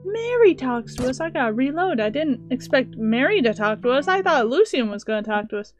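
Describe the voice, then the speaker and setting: A woman hosting a let's-play of a dating game, bubbly and excited as she reads and reacts. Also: fairly high pitch, brisk, faint music behind. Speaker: gaming channel host. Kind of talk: let's-play reading and commentary.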